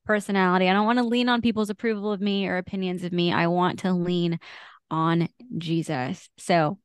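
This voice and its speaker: A woman's voice: fairly low pitch, steady tone, brisk, clear, resonant tone, no room sound, studio quality. Earnest woman podcast co-host. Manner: earnest, confessional, with frequent fillers and laughs. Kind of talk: casual faith chat.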